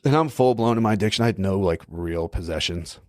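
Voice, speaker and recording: A man's voice: low voice, expressive, fast, dry recording, clean studio sound. A young adult man, a podcast guest, telling stories in a laid-back way, often tagging sentences with "right?" and "like". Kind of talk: casual storytelling.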